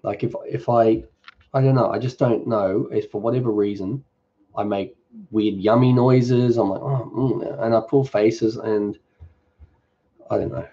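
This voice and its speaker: A relaxed man chats his way through a live-stream Q&A, reading viewers' comments aloud. His voice is warm and mellow. The audio is dull and lo-fi. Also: on the low side, unhurried. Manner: easygoing, reads viewer comments aloud and answers them off the cuff. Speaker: cooking channel host.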